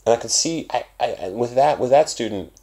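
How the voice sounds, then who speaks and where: A young man vlogging in a casual, profane, rambling monologue, going from loud bursts to mumbles. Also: medium pitch, fairly quick. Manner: profane, animated, swings between loud and mumbled.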